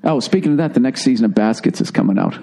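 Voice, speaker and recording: A man's voice: mid-range voice, lively intonation, racing, creaky, dark tone. A man hosting a podcast, chatting in a ranting, profane, comedic way. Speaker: podcast host. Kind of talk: casual comedic chat.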